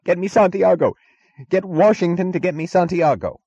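A man's voice: sits high, normal speed, mellow, dry recording, voice pushed up. A frantic male executive shrieks and curses far above usual register, his voice cracking with panic. The sound is dull and lo-fi, as on an old audiobook. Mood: frantic yelling. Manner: shrieking, frantic, pleading and cursing.

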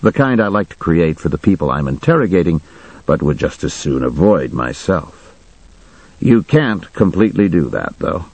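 Male narrator, deep and husky, dry close sound, measured first-person read. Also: big pitch swings, darkish tone, no echo, low-quality recording.

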